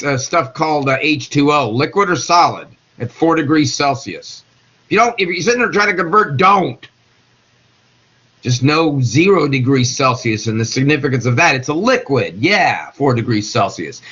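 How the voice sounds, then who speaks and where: A man's voice: on the high side, bright, forceful tone, husky. A middle-aged man giving a chemistry lecture in a classroom, folksy and joking with his students. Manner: folksy, jokey, talks to students by name. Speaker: chemistry teacher. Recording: dull lo-fi classroom recording.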